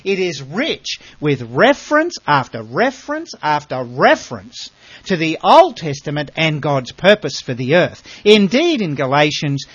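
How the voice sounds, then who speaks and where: A man's voice: sits high, breathy edge, dry recording, muffled recording. A man giving a Bible lesson as a sermon, earnest and emphatic, often asking his listeners rhetorical questions. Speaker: Bible teacher.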